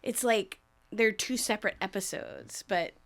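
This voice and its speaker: A woman's voice: mid-range voice, unhurried, a bit bright. A woman co-hosting a podcast in casual chat. She giggles often and swears freely. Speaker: podcast co-host.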